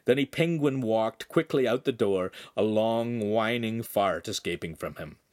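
A man narrating a young adult novel with animated storytelling. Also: fairly low pitch, a little slow. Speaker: audiobook narrator. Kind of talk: scripted narration.

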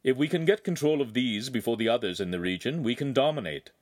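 A man voicing a shrewd, genial ruler in an audiobook, grand and measured in speech. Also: mid-range voice, animated, no echo, studio quality, lightly acted. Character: powerful older male ruler, genial and shrewd. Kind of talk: audiobook character voice.

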